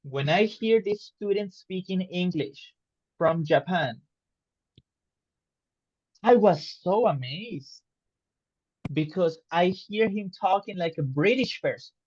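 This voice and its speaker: A man teaching an online English lesson, explaining slowly and patiently and checking understanding with questions. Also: high voice, expressive, darkish tone, no room sound, muffled recording. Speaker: English tutor.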